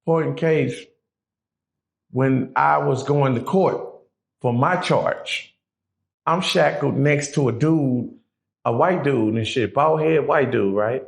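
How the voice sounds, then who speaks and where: A man's voice: mid-range voice, takes it slowly, vocal fry. A middle-aged man, a guest, telling a prison story in casual, profane street talk, acting out the people he quotes.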